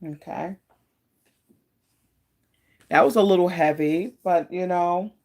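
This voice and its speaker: A woman's voice: lowish voice, takes it slowly, darkish tone. Woman, tarot live-streamer, rambling and friendly-casual delivery. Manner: chatty and meandering, greets viewers by name. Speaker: tarot card reader hosting a live stream.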